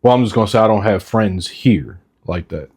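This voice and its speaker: A man co-hosting a casual podcast, speaking in a halting, reflective way with lots of "you know". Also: fairly low pitch, animated, a little mellow, husky. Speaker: podcast co-host.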